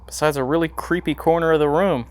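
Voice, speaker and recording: A man's voice: fairly high pitch, steady tone, fast talker. A man investigating a haunted house, questioning spirits aloud in a musing way and laughing easily, recorded in a room of an old house. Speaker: paranormal investigator. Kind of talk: ghost-hunting session talk.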